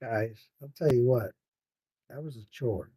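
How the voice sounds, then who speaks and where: Late-night podcast host, male, tired and loose, swears a lot; mellow dark timbre, dry room. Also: medium pitch, unhurried, breathy edge, no echo. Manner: rambling, swearing, laughing with viewers. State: tired, yawning. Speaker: podcast host reading live chat. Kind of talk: casual livestream chat.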